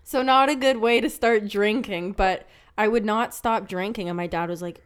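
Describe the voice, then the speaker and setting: A young woman, co-hosting a podcast in casual chat, telling animated stories, swearing freely and laughing often. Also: medium pitch, normal speed, hardly any pauses. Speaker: podcast co-host.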